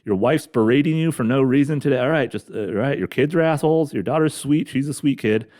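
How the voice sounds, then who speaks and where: A man's voice: medium pitch, quick pace, a little mellow. A middle-aged man grumbling through a profane, rambling comedic rant as a podcast host, talking carefully after mouth surgery. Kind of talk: ranting comedic monologue.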